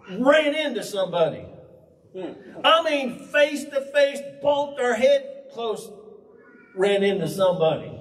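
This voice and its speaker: Pastor with a high voice, telling funny stories from the pulpit, recorded from afar in a reverberant hall. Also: male voice. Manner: animated, humorous, conversational. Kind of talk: folksy storytelling sermon. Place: church hall. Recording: roomy hall, distant mic.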